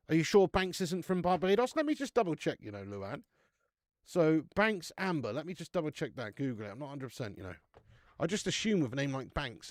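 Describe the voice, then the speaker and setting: A man's voice: fairly high pitch, no room sound, studio quality. A man hosting a live beer-review stream, chatting casually, laughing often and calling his viewers mate.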